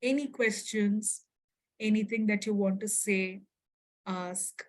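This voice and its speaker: A woman's voice: mid-range voice, takes it slowly, low-quality recording. A woman psychologist teaching an interactive online workshop, acting out short example dialogues and often checking in with her listeners. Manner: expressive, acts out example dialogues, checks in with audience.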